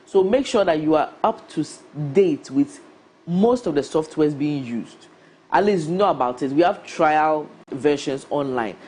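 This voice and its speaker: Ghanaian woman, HR guest, mellow voice, emphatic adviser. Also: deep voice, expressive, unhurried, slight background noise. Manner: emphatic, advising, rhetorical questions. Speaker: HR professional guest. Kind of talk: career advice talk.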